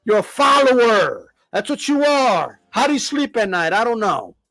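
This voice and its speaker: A man's voice: very high-pitched, very animated, moderate pace, sharp tone, no echo. A man hosting a boxing channel, ranting to the camera with heavy swearing and lots of repetition. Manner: profane, heated, repeats himself.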